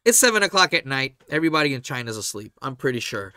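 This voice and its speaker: Animated bright-voiced man telling a story. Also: medium pitch, fast talker, clean tone, no room sound, clean studio sound. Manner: animated, profane, acts out quoted voices. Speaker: podcast host. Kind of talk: casual storytelling chat.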